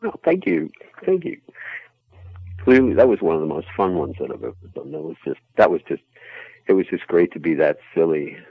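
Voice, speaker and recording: A man, an actor being interviewed, chatting in a relaxed, rambling, self-deprecating way. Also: low voice, a little fast, breathy edge, no room sound, narrow, tinny audio. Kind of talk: casual interview chat.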